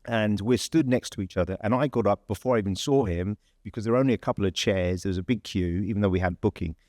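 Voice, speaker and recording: A man's voice: on the low side, quick pace, darkish tone, no room sound, studio quality. A man with an English accent, telling a long story in a chatty, rambling way full of fillers and restarts. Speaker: podcast host. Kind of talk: casual anecdote telling.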